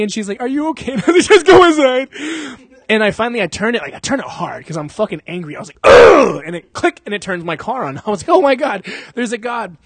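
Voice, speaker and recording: A young man telling a long story in casual chat, animated and full of swearing and laughter. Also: high voice, no echo.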